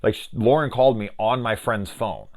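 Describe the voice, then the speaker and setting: A man's voice: lowish voice, moderate pace, darkish tone. A young man reviewing a horror film in casual chat, swearing freely and trailing into restarts as he rambles into a personal story.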